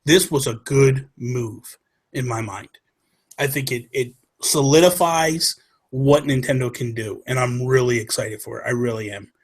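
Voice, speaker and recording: Husky-voiced man hosting a chat. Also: medium pitch, unhurried. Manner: excited, rambling, self-correcting. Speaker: podcast host. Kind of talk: casual chat, storytelling.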